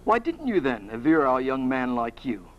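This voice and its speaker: A man reading aloud, voicing a sharp, mocking woman who questions a hero with scorn. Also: mid-range voice, very animated, moderate pace, muffled recording, voice pushed down, natural voice. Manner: scornful, cutting.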